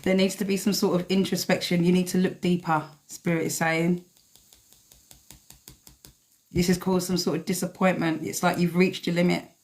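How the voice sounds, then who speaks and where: A woman's voice: fairly low pitch, flat delivery, moderate pace, pauses often, a little mellow. A woman giving a blunt, emphatic live tarot reading, swearing freely as she talks to viewers. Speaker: tarot reader.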